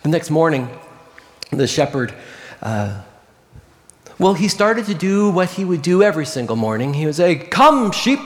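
A man telling a story in a sermon, expressive and often dropping to a hushed voice. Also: a little high, moderate pace, long pauses, long reverb tail.

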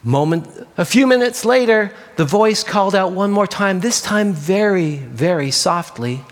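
A man telling a children's story as a sermon, animated and playful, adding sound effects. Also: high-pitched, a little slow, big-room sound.

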